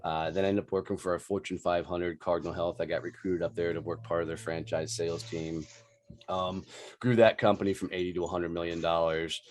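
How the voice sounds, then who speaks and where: A man in his forties with a drawl tells stories in a lowish voice. He swears casually and brings the dialogue to life, switching between the people in his tale. His delivery is loose and animated. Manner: profane, animated storyteller who acts out dialogue. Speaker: podcast guest, business founder. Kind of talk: casual storytelling.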